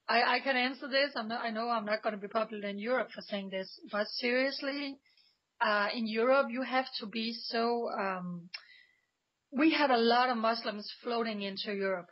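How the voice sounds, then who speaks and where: A Danish woman, a pro-Israel activist, speaks as a guest on a radio interview with emphatic passion, often restarting her sentences. Her voice is fairly high and her speed normal, though the recording sounds muffled.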